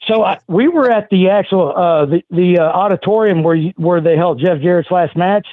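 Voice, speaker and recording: Guy with a high voice ranting about old feuds, cussing a lot, dry sound. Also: normal speed, dry recording. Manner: profane, heated, rambling. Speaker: podcast guest. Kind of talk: casual storytelling. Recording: tinny phone-like sound.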